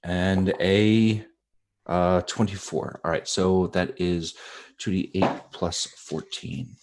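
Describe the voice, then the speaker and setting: A man's voice: deep voice, fairly even intonation, takes it slowly, darkish tone. A man playing a tabletop game, talking in an easygoing, slightly hesitant way as he reads out his rolls. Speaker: player. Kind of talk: casual tabletop game play.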